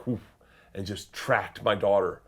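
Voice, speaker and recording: A man, an interview guest, telling a story in a loud, excitable way, swearing and breaking into shouted quotes. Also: on the low side, brisk. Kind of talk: animated storytelling.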